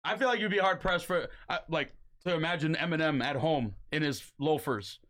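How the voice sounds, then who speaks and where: A young man co-hosting a casual podcast, talking in an animated, swearing way and slipping into mock voices. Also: on the high side, moderate pace. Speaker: podcast co-host.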